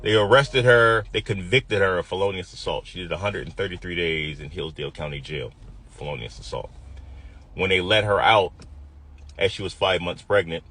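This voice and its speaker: A man's voice: low voice, normal speed, fairly bright tone, slightly rough. A man in his fifties from the US Midwest, telling a personal story vividly and acting out the quoted voices.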